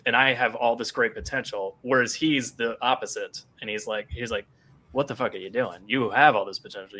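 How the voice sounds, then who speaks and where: A man's voice: medium pitch, pushed and bright, slight background noise. A man co-hosting a podcast, animatedly retelling scenes from a comic in casual chat. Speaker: podcast co-host.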